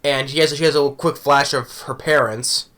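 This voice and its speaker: A man with a bright, forward voice talks through an anime episode in a loose, casual review. He rambles and circles back, often checking in with a quick "right?". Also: mid-range voice, fairly even intonation.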